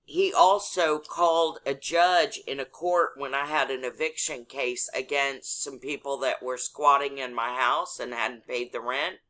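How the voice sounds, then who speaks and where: Forceful, indignant woman caller. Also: a bass voice, fairly even intonation, unhurried, hardly any pauses, rough recording. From Texas, USA. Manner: indignant, blunt and profane. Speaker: caller telling her story. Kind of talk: casual chat.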